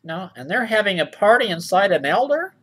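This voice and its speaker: Sarcastic man with wildly swooping pitch. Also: sing-song, a bit bright, husky. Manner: sarcastic, mock-innocent, keeps asking boys and girls; drawls slow over-read quotes. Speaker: comic reader of nursery rhymes. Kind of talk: mock children's-show comedy reading.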